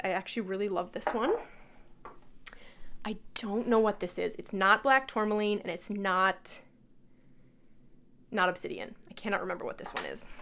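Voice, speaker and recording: A woman's voice: medium pitch, fairly bright tone. A young woman chatting enthusiastically in a casual vlog, showing off her tarot altar with many fillers and self-corrections. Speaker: tarot reader and channel host. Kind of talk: casual show-and-tell vlog.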